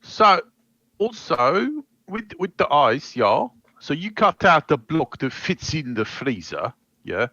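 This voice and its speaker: Male player, bright and forceful, on a muffled, dry mic; plays a laid-back, scheming crew chemist in tabletop role-play. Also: on the high side, very animated, takes it slowly, dry recording. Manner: easygoing, scheming crew chemist in character, casual slang.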